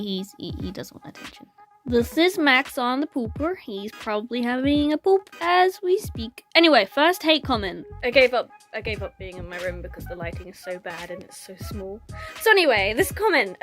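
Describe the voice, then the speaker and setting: A woman, ranting to camera in a casual vlog, blunt and sweary, laughing often, recorded on a phone. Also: medium pitch. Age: 20s. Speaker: vlogger.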